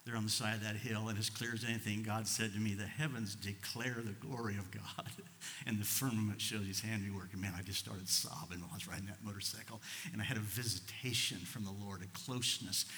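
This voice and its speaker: A man preaching a sermon as pastor, emotional, moving from quiet storytelling to loud, fervent preaching. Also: lowish voice, steady tone, brisk, long reverb tail, slight background noise. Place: church sanctuary.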